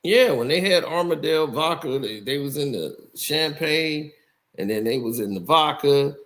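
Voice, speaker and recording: A man's voice: fairly high pitch, expressive, moderate pace, fairly bright tone. A man giving casual commentary, explaining and asking rhetorical questions. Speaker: commentary streamer.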